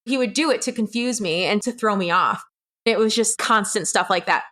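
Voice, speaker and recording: Young woman guest, blunt and candid, swears a lot, mid-pitched voice. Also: moderate pace, bright, forceful tone. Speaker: podcast guest. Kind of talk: recounting a personal story.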